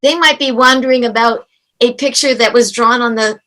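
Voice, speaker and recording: Bright-voiced woman parenting coach. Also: on the high side, moderate pace, poor audio. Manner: animated storyteller who acts out quoted dialogue. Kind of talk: conversational interview.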